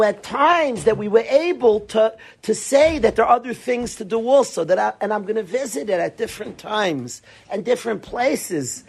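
Husky-voiced rabbi lecturing earnestly. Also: male voice, sits high. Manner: earnest, repeats phrases for emphasis. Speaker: rabbi teaching yeshiva students. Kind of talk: Torah lecture to students.

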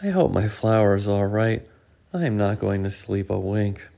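A man doing an eager high-voiced squirrel. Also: moderate pace, creaky. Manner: excited, high and bouncy. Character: eager possessive young male squirrel.

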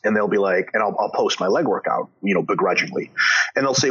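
A man's voice: on the low side, quick pace, husky. A man talking as a podcast guest in casual chat, ranting with lots of swearing. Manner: profane, animated ranting. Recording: dull lo-fi audio.

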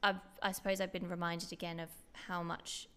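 A woman's voice: on the low side, little pitch movement, moderate pace, a bit bright, clear, resonant tone. A woman from Austria with a Queensland Australian accent, co-hosting a podcast in chatty casual talk and laughing often. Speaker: podcast co-host.

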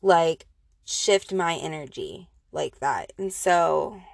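Woman, low voice, gravelly fry, dry close sound, rambling casual storytelling. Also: lively intonation, slow pace, dry recording. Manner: rambling, many fillers and restarts.

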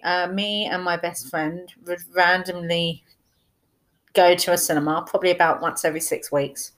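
A woman's voice: lowish voice, steady tone, normal speed, a bit bright. A young woman chatting casually through a film review, enthusiastic, with many fillers and restarts.

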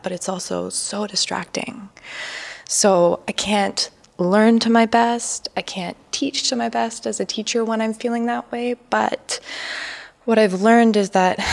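A woman yoga teacher trainee speaks openly to her group in a gravelly, mid-pitched voice. She sounds soft and earnest, and some phrases fall almost to a whisper. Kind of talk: personal sharing in a group.

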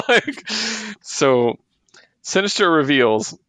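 This man's medium-pitched, fairly bright voice swings widely in pitch and moves a little slowly, with no room sound. Co-hosting a podcast, he recaps comic books casually, laughing often and voicing the characters' lines.

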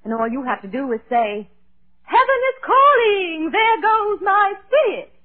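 A woman's voice: a little high, steady tone, brisk, close to an everyday voice. An actress playing a playful, mischievous female ghost who teases and coaxes in a breezy way, in 1940s radio comedy style. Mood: teasing. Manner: teasing, coaxing, breezy. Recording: tinny old radio broadcast.

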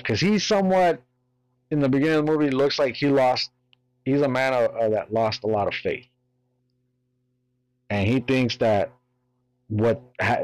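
A man's voice: fairly low pitch, a little mellow, no room sound, rough recording. A man casually retelling a horror film's plot, rambling with lots of fillers and swearing. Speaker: movie reviewer. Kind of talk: casual film recap.

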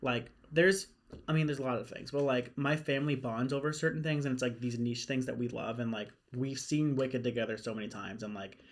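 A young adult co-host chatting on a podcast. They talk in a gushing, eager rush, with "like" dropped into nearly every phrase and a quick laugh never far away. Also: mid-range voice. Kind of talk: casual chat.

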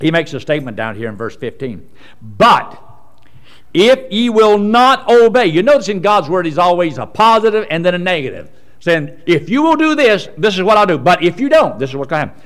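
Folksy preacher with lively swings. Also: male voice, a little fast. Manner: folksy, swings from loud emphasis to low asides. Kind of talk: sermon.

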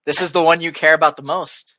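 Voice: mid-range voice, fairly even intonation, quick pace, sharp tone, no room sound. A podcast co-host giving esports betting picks in a playful, jokey way. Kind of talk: casual esports betting chat.

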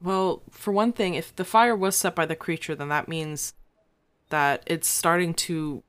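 A player at a tabletop game, speaking casually. They think their plan through out loud as they go. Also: medium pitch, steady tone, a little slow, smooth.

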